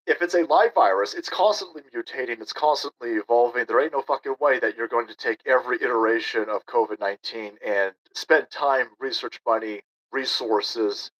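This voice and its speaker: A man's voice: mid-range voice, fairly bright tone, rough recording. A man doing a profane, mocking reaction commentary on a video clip as a streamer.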